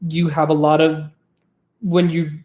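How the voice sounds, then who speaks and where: A vlog host and trained former opera singer, chatting casually to camera in a rambling, profane, lively way. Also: mid-range voice, takes it slowly, roomy sound.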